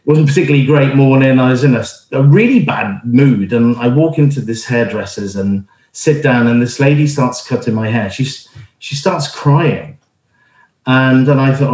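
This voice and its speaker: A man's voice: mid-range voice, normal speed, darkish tone. Earnest preacher man in an echoey room. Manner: earnest, conversational, frequent fillers and restarts. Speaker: church planter and speaker. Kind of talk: informal sermon with personal story. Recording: roomy echo.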